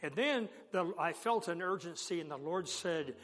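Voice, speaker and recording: A pastor delivers an animated sermon story, acting out both sides of the conversations. His voice sits a little high for a man. It rings through a large hall with a long tail of reverb, over faint background music. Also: normal speed.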